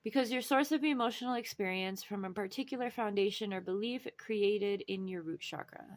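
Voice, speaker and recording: A woman's voice: medium pitch, fairly quick, no room sound. A woman hosting a casual spiritual show on chakras, reading from a book and often checking in with her listeners. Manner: chatty, encouraging, checks in with "all right?".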